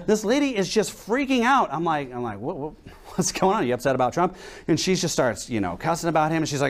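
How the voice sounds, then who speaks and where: Speaking a little fast, a young man preaches in a higher voice, swinging animatedly through anecdotes and posing rhetorical questions.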